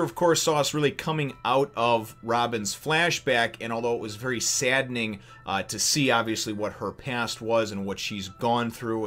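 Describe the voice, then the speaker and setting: A young man hosting a casual manga review, talking with energetic, hyped enthusiasm and animated asides. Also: mid-range voice. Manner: energetic, hyped, swings into loud acted-out quotes.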